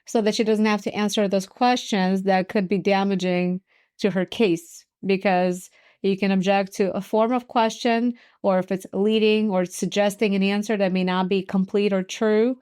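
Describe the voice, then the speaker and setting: A woman's voice: medium pitch, flat delivery, moderate pace, a little mellow, clean tone. A woman in her forties, a lawyer hosting a podcast, telling stories in an earnest, self-deprecating way. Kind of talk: casual podcast chat.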